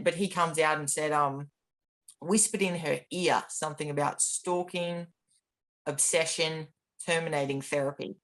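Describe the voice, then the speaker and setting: A man's voice: a little high, fairly bright tone. Candid man telling his story. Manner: candid and matter-of-fact, with frequent ums and restarts. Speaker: interview guest. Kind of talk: personal storytelling in an interview.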